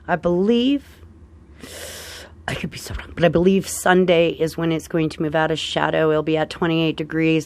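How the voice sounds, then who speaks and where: Chatty and upbeat, this astrologer gives viewers a casual forecast, frequently tacking on "right?" and addressing them as dear friends. The voice sits at a medium pitch.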